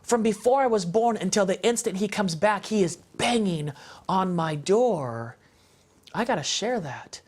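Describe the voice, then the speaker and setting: A man's voice: high-pitched, lively intonation, unhurried, darkish tone. A man speaking as an interview guest in an impassioned, emphatic, preacher-like way about faith and family.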